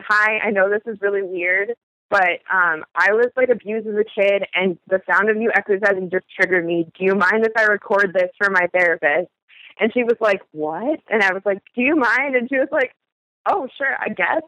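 An earnest podcast host tells a personal story, pausing and restarting as the thoughts come. The voice is bright and forceful, close and dry. The audio is a little dull and lo-fi. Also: mid-range voice, no echo. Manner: earnest, halting, thinks aloud, frequent "like".

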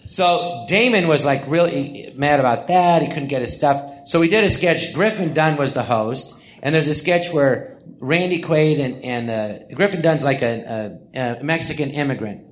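A man's voice: a little high, normal speed, few pauses. An older man hosting a live podcast, telling rambling memoir anecdotes with restarts and acted-out quotes. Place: podcast theatre before a live audience.

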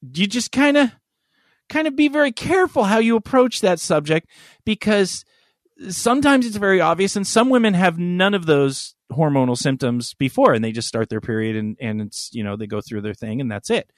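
High-voiced man telling crude stories. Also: animated, a little fast, dry recording, clean studio sound. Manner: rambling, crude storytelling with laughs. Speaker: podcast co-host. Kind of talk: casual chat.

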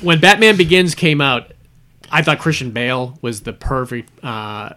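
A man chatting casually on a podcast, rambling and restarting his sentences, laughing easily. His voice has a bright, forceful edge at a middle pitch. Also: expressive, normal speed. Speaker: podcast co-host. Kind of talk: casual chat.

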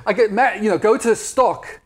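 A man's voice: high voice, normal speed, husky. A middle-aged Australian man chatting candidly as an interview guest, joking and self-deprecating. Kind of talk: casual interview chat.

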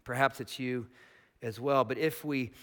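A man preaching a sermon as pastor, swinging between loud emphatic declarations and quiet asides, asking his listeners direct questions. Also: medium pitch, fairly even intonation, measured pace. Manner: asks the congregation direct questions.

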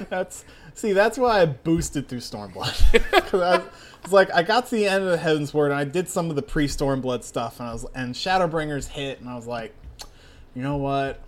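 A young man with a slightly raised voice chats casually as a podcast co-host. He gets excitable and breaks into laughter often, leaning on "like" as he tells a story. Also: a little high, moderate pace. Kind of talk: casual chat.

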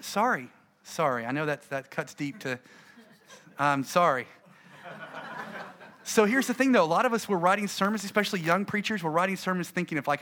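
Animated conversational man preaching to preachers. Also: on the high side. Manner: animated, conversational, acts out anecdotes. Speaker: pastor. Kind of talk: conference talk to preachers.

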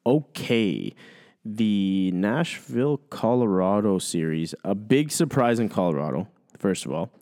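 Easygoing low-voiced man, hockey talk. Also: lively intonation, a little slow, darkish tone. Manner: agreeable, easygoing, lots of backchannel. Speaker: hockey podcast co-host. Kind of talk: casual sports chat.

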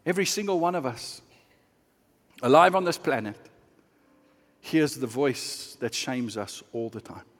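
A man preaching a sermon as pastor, earnest and shifting between hushed and impassioned delivery. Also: medium pitch, lively intonation, a little slow, long pauses, in a large hall.

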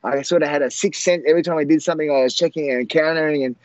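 A man in his forties, a former fighter, telling old fight stories in a rambling, halting way, full of fillers and restarts. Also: fairly high pitch, no room sound, lo-fi sound. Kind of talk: casual storytelling.

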